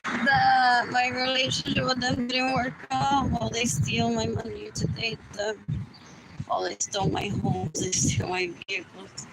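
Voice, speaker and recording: A high-pitched woman rambles through a solo livestream, repeating herself and sliding into whispers. She talks slowly, and loud outdoor ambience with chirping birds runs under her voice. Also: flat delivery, very noisy. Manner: repetitive, muttering, drifts into whispers. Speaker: livestream host.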